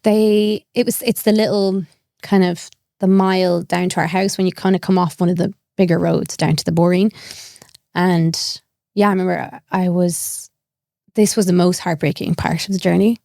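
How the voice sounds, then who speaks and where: Irish woman, young adult, comedian guest; gravelly voice, dry close mic, animated storyteller. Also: on the low side, moderate pace, no echo. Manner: animated, acts out quoted voices, laughs often. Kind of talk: candid storytelling.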